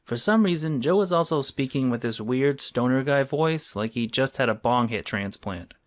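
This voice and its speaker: A man narrating a scripted review video in a snarky, deadpan way. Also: medium pitch, normal speed. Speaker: video commentator.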